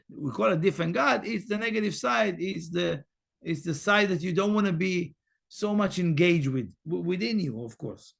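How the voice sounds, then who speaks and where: A man giving a Torah portion lesson, emphatic and repetitive, swinging from loud urging to hushed, near-whispered asides, halting now and then on fillers. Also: high-pitched, gravelly, breathy edge. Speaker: spiritual teacher.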